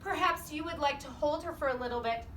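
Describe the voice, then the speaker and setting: A woman's voice: sits high, quick pace, a bit bright, distant mic, voice pushed up. A woman playing a gushing, sugary lady. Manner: sugary, breathless delight. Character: gushing doting older woman, pig owner. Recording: echoey room, off-mic, faint hiss.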